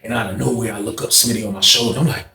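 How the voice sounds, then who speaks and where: A man telling a prison story in a casual, slangy, animated way. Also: lowish voice, rapid-fire, echoey room, recorded from a distance.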